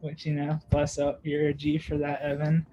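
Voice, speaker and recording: A man's voice: on the high side, monotone, moderate pace, dark tone, dull audio, slight background noise. A young man, a podcast co-host, telling a long story in casual chat, with lots of fillers, "like" and laughter. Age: young adult.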